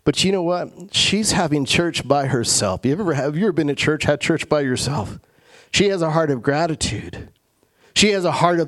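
A man's voice: on the high side, lively intonation, fairly bright tone. A male pastor delivers a sermon in a somewhat raised voice. He talks emphatically, circling back to the same phrases and drawing words out when he wants them to land. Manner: emphatic, repeats key phrases and slows for weight.

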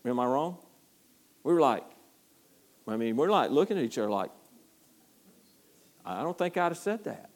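A man preaching a sermon as pastor, animated, repeating himself and restarting phrases for emphasis. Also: mid-range voice.

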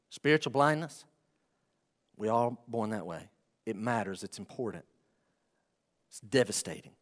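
Pastor, male, preaching, mid-pitched, hushed then loud and pleading, long hall reverb. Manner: swings from hushed to loud pleading, acts out prayers. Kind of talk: sermon.

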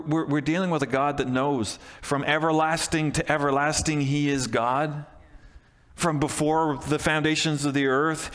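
A man's voice: a little high, a bit bright, long reverb tail. A man preaching a sermon as pastor, talking in a conversational way with frequent restarts and emphatic repeats. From Canada.

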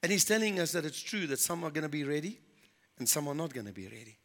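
A man's voice: a little high, very animated, fast, a bit bright. A man preaching a sermon in an earnest storytelling manner, repeating points for emphasis.

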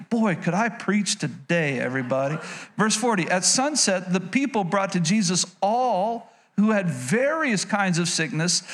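A male pastor preaching a sermon to a congregation in a church. He preaches with energy, breaks into playful asides, and calls out to the people listening. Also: high-pitched.

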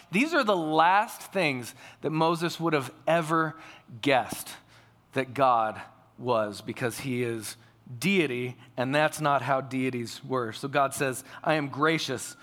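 Bright-voiced storytelling male pastor. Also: on the high side. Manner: conversational storytelling preacher. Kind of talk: sermon.

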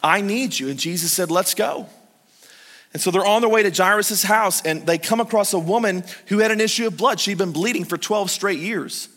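A middle-aged man preaches in a church sanctuary, his voice bright and a little high. He swings between loud urgent calls and hushed pleading, speaking straight to the listeners. A long reverb trails off the hall. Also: fairly quick, hardly any pauses. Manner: storytelling, addresses the congregation directly. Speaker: pastor. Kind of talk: sermon.

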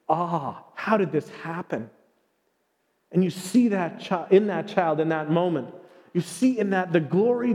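Middle-aged pastor guy, earnest heartfelt sermon, warm mellow voice, big echoey church hall. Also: on the high side.

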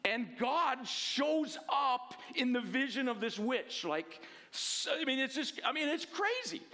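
A man's voice: very high-pitched, a little slow. Casual man teaching the Bible. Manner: casual, animated, frequent tag questions and restarts.

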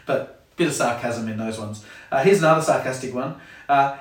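A man running a kids club talks casually to the camera at a fairly quick clip, his voice medium in pitch. He keeps things jokey, acting out the things parents say. The mic sits far away, so the sound is roomy.

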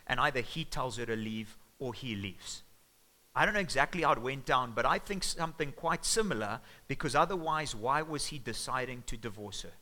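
Bright-voiced preacher telling a story. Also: male voice, medium pitch, moderate pace, poor audio. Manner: animated, conversational storytelling. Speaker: pastor. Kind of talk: sermon. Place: church.

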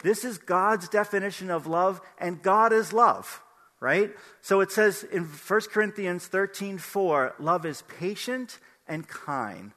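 A man's voice: high-pitched, takes it slowly, big-room sound. An older man giving a conversational sermon as a pastor, asking his listeners questions. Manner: animated, conversational, asks the audience questions.

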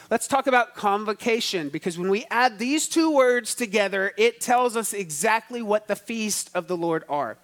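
A man's voice: high-pitched, expressive, normal speed, hardly any pauses, a bit bright. A male pastor preaching a sermon, teaching emphatically, repeating key words and asking the congregation to answer back.

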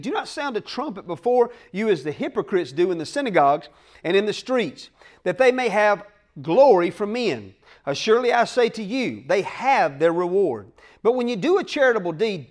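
High-voiced man preaching emphatically. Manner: emphatic preaching with call-outs to the congregation; folksy plain speech. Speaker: pastor. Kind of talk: sermon.

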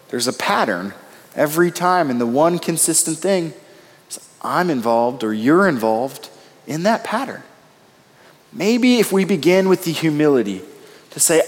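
Male pastor in his thirties, higher-pitched, emphatic preaching with swings in pitch, recorded in a reverberant hall. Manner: emphatic, rising and falling delivery. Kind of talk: sermon.

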